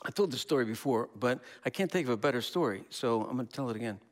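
A man's voice: medium pitch, quick pace. A man, a Christian pastor, preaching a sermon. He tells a story and lifts his voice when he quotes others. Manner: animated, slips into quoted voices.

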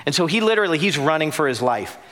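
A young adult man preaching a sermon as pastor, telling a story with loud bursts and hushed drops. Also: a little high, animated, quick pace.

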